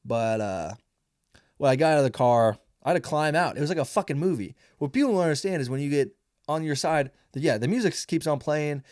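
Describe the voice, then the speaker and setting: A man's voice: a little high, animated, a little fast, darkish tone, dry recording. Twenties comedian guy rambling n cursing, self-mocking, dead dry sound. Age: 20s. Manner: rambling, profane storytelling. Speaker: stand-up comedian, podcast host. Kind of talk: casual monologue.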